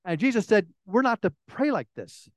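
Lively, dry-voiced man preaching a sermon. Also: high-pitched, moderate pace, dry recording. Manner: animated storytelling with frequent restarts. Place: room with an audience.

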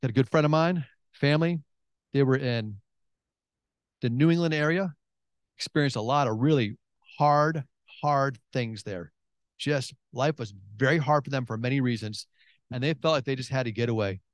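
With plenty of humor, this male pastor preaches conversationally, dramatizing his prayers through wide pitch leaps and frequent false starts. He talks at a normal speed, and there's no room sound.

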